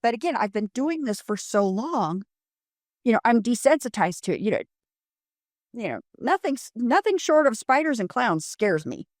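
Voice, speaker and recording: A middle-aged woman from Colorado telling a paranormal investigation story in a casual interview, animated and full of fillers, acting out quotes. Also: on the high side, normal speed, no room sound, clean studio sound.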